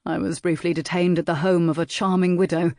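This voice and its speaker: A man's voice: a little high, brisk, dry recording, clean studio sound, lightly acted. A man doing an unflappable young viscount. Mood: unperturbed. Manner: calm, unperturbed.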